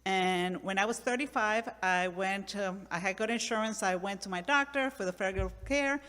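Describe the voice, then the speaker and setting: A woman in her fifties from Puerto Rico shares a personal testimony with a congregation, talking the way she would in conversation. Her voice sits at an ordinary middle pitch, and she acts out the people she quotes. A long reverb from the church hall trails after her words. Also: moderate pace, a bit bright. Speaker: church member giving a testimony. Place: church sanctuary.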